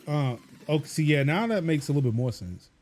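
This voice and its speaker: A man's voice: a little high, animated, a little fast, a little mellow. A man co-hosting a casual tech chat, joking and playfully griping at a friend. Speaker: podcast co-host.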